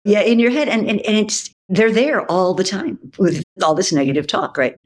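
A woman's voice: mid-range voice, normal speed, a little mellow. A woman guest on a podcast, speaking in an upbeat, encouraging way. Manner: upbeat, laughs easily, encouraging. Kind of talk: casual interview chat.

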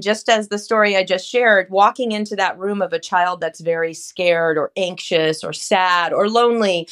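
Woman, child life specialist, upbeat, explanatory, medium pitch. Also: clean tone. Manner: upbeat, explains with warm examples. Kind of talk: interview answers.

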